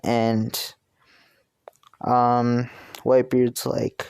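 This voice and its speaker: A man's voice: medium pitch, measured pace, creaky, darkish tone, no room sound, studio quality. A man with a New Jersey accent telling a fan story in a rambling, casual way with many restarts. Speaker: video creator.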